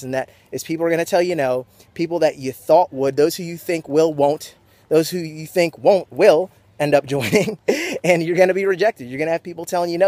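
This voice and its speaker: An energetic young man with a fairly high voice gives a pumped-up, preachy motivational talk to camera, fresh off a sports game. The sound is dry and close, with little room echo. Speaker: motivational vlogger.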